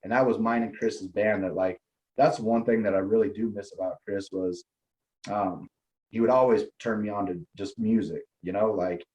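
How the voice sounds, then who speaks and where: A man's voice: fairly low pitch, fairly even intonation, moderate pace, darkish tone, rough recording. A man telling stories in a casual chat, swearing freely and laughing often. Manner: loose storytelling with lots of swearing and laughter. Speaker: guest.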